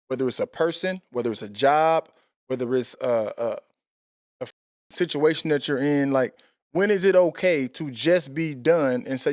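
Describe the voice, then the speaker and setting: A man's voice: a little high, a little slow, no room sound, studio quality. A man in his thirties hosting a podcast, talking bluntly and profanely in casual chat. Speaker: podcast host.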